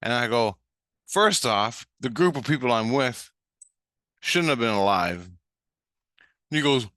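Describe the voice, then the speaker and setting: A man's voice: medium pitch, measured pace, long pauses, dry recording, clean studio sound. A man rambling in a profane, ranting monologue. He acts out both sides of a conversation as he tells it. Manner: profane, ranting, animated retelling. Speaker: vlogger.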